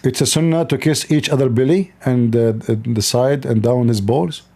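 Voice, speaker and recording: A man's voice: mid-range voice, normal speed, creaky, warm tone, slightly rough. A man hosting an online debate call, mocking and interrupting his guest and often repeating his words. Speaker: debate host.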